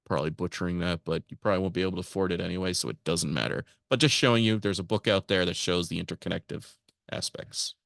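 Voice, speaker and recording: A man's voice: low voice, steady tone, fast, vocal fry, a bit bright, no echo, studio quality. A man hosting a podcast, reading a monologue from notes and breaking off into casual asides to his listeners. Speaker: podcast host.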